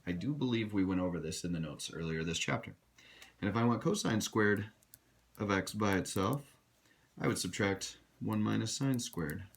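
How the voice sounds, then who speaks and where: A man with a lowish, expressive voice teaches a recorded math lesson at a moderate pace. He is direct and instructive, speaking to his students and calling them "you guys."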